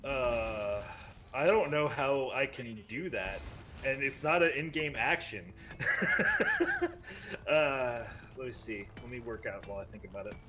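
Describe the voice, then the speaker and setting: A man's voice: medium pitch, huge pitch swings, pushed and bright. Sarcastic American man gaming chat. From United States. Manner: quick, swearing, sarcastic banter. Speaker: co-streamer.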